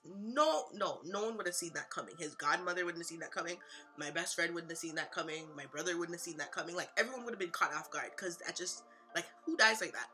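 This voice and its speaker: A young woman tells an emotional story, talking in a slangy, animated way with many fillers and sudden loud and quiet stretches. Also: on the low side. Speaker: vlogger, mother.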